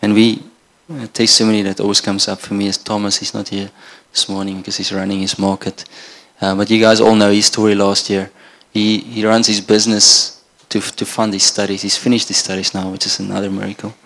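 Gravelly, even-toned male preacher from Namibia. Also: lowish voice, brisk, few pauses. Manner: earnest, conversational preaching with restarts. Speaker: pastor. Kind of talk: sermon.

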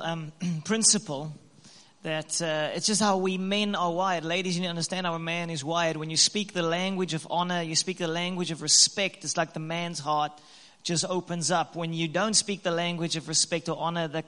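A man telling a lively story to couples, laughing and acting out his own lines. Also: fairly high pitch, moderate pace, big-room sound. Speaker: co-host, husband speaking to couples. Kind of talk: animated storytelling talk.

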